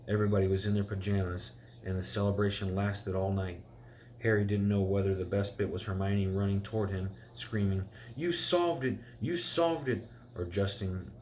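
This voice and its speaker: A man with a low, rather flat voice reads a storybook aloud to his child. He stumbles and restarts now and then, and stops to explain hard words. Faint background noise sits behind him. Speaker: parent reading to a child. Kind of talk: bedtime story reading.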